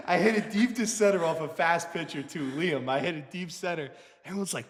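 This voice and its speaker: A man in his twenties with a New Jersey accent, co-hosting a casual chat, swearing constantly and mocking himself with animated energy. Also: on the high side, moderate pace, in a large hall. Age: 20s. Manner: profane, animated, self-mocking. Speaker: co-host.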